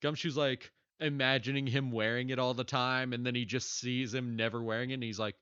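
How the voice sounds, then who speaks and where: A man streaming a game, chatting casually in joking, animated banter. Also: medium pitch, fairly quick, smooth, no echo, muffled recording. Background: game music.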